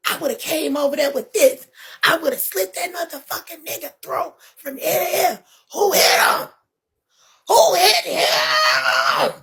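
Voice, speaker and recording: A woman acting out a hot-tempered young woman who yells and wails in shrill outbursts. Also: a little slow, long pauses, husky, heavily acted. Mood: furious.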